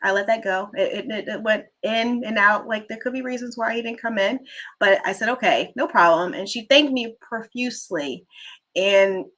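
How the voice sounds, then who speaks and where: In a relaxed livestream, a woman with a medium-pitched, bright and forward voice talks in a loose, chatty manner. She wanders between stories and breaks off to read out and thank viewers for their comments.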